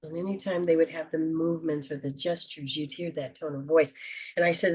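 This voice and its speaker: Slow earnest woman giving a spiritual reading. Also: low voice, fairly even intonation, darkish tone, breathy edge. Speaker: host and metaphysician.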